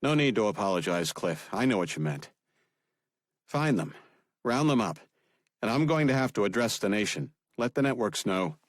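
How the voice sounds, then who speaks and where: A man voicing a gruff, commanding president in an audiobook, curt and dry. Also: lowish voice, expressive, normal speed, no room sound, pitched above the performer's own voice, natural voice.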